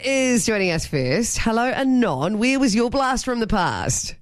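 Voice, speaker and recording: A woman's voice: a little high, big pitch swings, unhurried, dry recording. A woman hosting radio, bubbly and laughing often in banter. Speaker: radio host.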